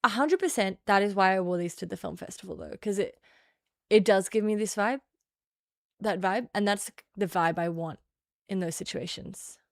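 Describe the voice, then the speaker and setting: A woman's voice: medium pitch, moderate pace, creaky, dry recording, clean studio sound. A young woman streaming, chatting casually in a playful, self-mocking way. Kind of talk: casual live-stream chat.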